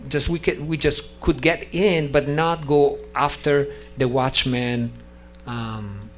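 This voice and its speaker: A man, not a native English speaker, telling a personal story at a devotional gathering, halting and restarting sentences and acting out the dialogue. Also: medium pitch, faint music behind. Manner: animated, acts out dialogue in story.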